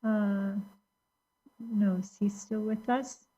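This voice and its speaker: Slow-speaking woman moderating a video call. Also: mid-range voice, steady tone, dark tone, husky, lo-fi sound. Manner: friendly, calls on each participant by name. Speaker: discussion moderator. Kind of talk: casual group video call.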